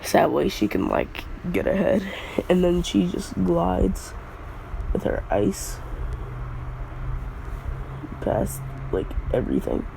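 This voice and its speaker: Rambling high-voiced man telling a story. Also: huge pitch swings, takes it slowly, gravelly, pauses often, mellow, slight background noise, rough recording. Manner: rambling, slangy, heavy "like" fillers. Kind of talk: casual fan story retelling.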